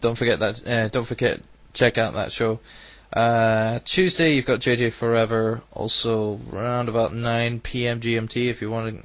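A man's voice: medium pitch, steady tone, normal speed, hardly any pauses, a bit bright, no echo, dull audio. A man hosting an online radio show, rambling and self-deprecating, hesitant as he signs off. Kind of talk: casual online radio chat.

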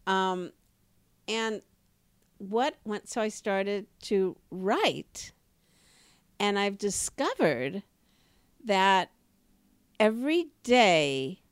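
A woman co-hosting a podcast, telling stories in a lively, emphatic way with sudden rises in her voice. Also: very slow, pauses often, clean tone, dry recording. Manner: animated storyteller, emphatic rises in pitch. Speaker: podcast co-host. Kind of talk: casual podcast conversation.

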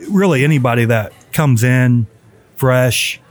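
A man being interviewed as a guest, speaking hesitantly and filling his pauses with "you know.". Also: medium pitch. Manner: hesitant, many you-knows. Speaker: guest, service manager. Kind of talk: casual interview.

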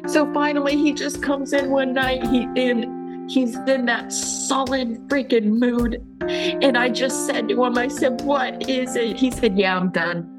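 A woman telling her own story of a painful relationship, halting and emotional, with frequent restarts. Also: high-pitched, fairly even intonation, music in the background, poor audio. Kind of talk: personal testimony.

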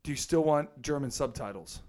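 A man's voice: on the high side, fairly quick, darkish tone. Easygoing man asking questions. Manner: easygoing, questioning, steers the talk. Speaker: podcast co-host. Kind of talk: casual movie chat.

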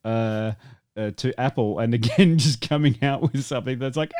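A woman's voice: rumbling low, expressive, normal speed, dark tone. A woman hosting a casual podcast chat, laughing often, swearing, and pushing the talk along. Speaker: podcast host.

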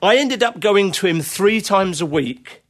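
A man's voice: high voice, lively intonation, a little slow, fairly bright tone. Chatty man spinning rambling anecdotes. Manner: rambling anecdotes with many fillers and laughter. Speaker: interview guest, drummer. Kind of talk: casual conversational storytelling.

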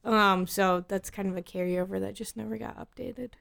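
A woman's voice: medium pitch, steady tone, moderate pace, vocal fry, fairly bright tone. A woman in a casual group podcast chat, explaining things with hesitant fillers.

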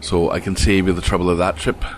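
A man voicing a brash, hard-drinking male robot with a put-on accent, loud and boisterous. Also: sits low, little pitch movement, fast, a little hiss or hum, pitched below the performer's own voice, lightly acted. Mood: grumbling.

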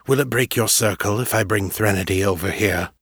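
A man's voice: on the low side, fairly quick, fairly bright tone, slightly rough, no echo, clean studio sound. A man doing a cautious, polite man. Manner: careful and soothing.

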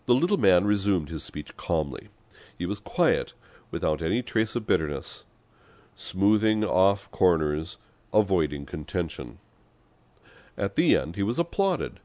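A man reading a story aloud as an audiobook narrator, expressive storytelling. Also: sits low, measured pace, dry recording. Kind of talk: scripted narration.

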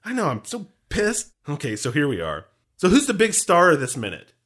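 A man co-hosting a casual movie breakdown podcast, animated and playfully swearing. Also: on the high side, a little fast. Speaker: podcast co-host.

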